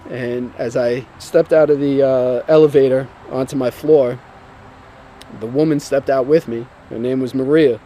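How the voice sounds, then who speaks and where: A man's voice: medium pitch, fairly even intonation, normal speed, mellow, a little hiss or hum. A man earnestly and emotionally telling his personal testimony, sometimes repeating himself as he speaks.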